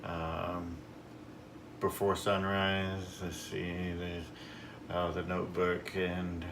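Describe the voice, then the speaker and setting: A man co-hosting a casual chat, relaxed and thinking aloud as he talks. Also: low-pitched, slow pace, background noise. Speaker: co-host.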